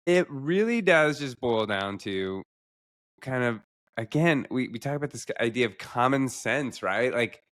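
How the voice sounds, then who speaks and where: A man's voice: medium pitch, animated, measured pace, fairly bright tone. A young adult man, a doctor co-hosting a podcast, talking in an earnest, reflective, emotional way. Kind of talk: casual podcast chat.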